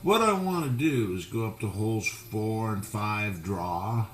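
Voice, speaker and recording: Slow-talking man teaching harmonica. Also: lowish voice, lively intonation, very noisy. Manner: slow, patient explaining, breaks into loud sung calls. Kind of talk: relaxed instructional talk with demonstrations. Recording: echoey room with loud harmonica playing.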